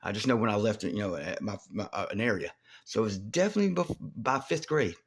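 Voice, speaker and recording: A man talking alone to the camera in a rambling monologue, halting with many restarts and swearing, growing loud and heated. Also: lowish voice, expressive, slightly rough. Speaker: video host.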